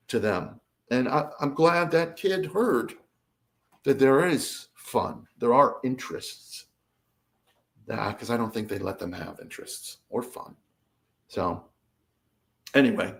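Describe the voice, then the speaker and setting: Male interview guest, animated storyteller, pitch swinging widely. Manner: expressive, lively, acts out quotes. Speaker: guest, abductee.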